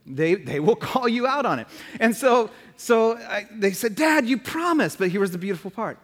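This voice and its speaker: A man's voice: high-pitched, lively intonation, moderate pace, long reverb tail. A man in his thirties, a pastor, preaching a sermon full of humorous stories. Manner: humorous storytelling.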